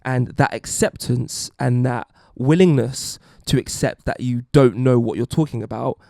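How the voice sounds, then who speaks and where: Gravelly man delivering a wry monologue. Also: medium pitch, normal speed, warm tone, no echo, clean studio sound. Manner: wry, emphatic, puts on mock voices. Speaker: podcast host. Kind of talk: opinion monologue.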